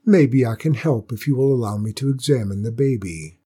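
Man as calm young heroine in a storybook, low husky read, steady and determined. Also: fairly quick, natural voice. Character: brave young village maiden healer, calm and determined.

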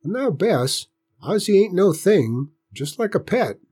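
An elderly rural grandfather speaks in a slow country drawl, as a male narrator puts him on. The voice sits well above the reader's own pitch and carries a husky edge. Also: very animated, a little mellow, full character voice. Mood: coaxing. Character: gruff old country grandfather.

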